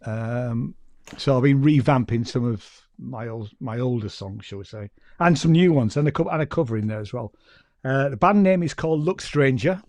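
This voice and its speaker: A man with a Yorkshire accent telling rambling, self-deprecating stories as a podcast guest. His voice is mellow and sits at a middle pitch. He sounds close and dry, with no room around him. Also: normal speed, dry recording. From York, England. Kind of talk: casual chat.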